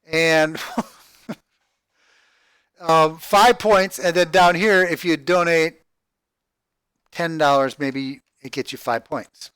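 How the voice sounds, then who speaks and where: A man walking through his project spreadsheet on screen, thinking aloud in a halting, rambling way, repeating words and tagging sentences with "right?". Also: a little high, fairly bright tone, smooth, no echo. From Texas, USA. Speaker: crowdfunding project vlogger. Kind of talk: rambling screen-share walkthrough.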